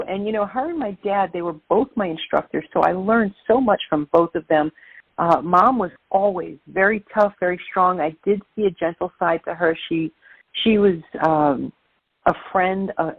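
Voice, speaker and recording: A middle-aged woman from Brooklyn, a guest telling lively stories in an interview. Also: fairly low pitch, moderate pace, breathy edge, dry recording. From Brooklyn, New York. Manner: lively, animated storyteller. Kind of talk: interview storytelling. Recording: tinny phone-like line.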